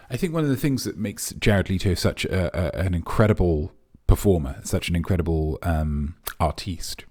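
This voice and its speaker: A man's voice: low voice, normal speed, darkish tone. A man hosting a comic live quiz in a pompous, rambling, mock-serious manner. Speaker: quiz host.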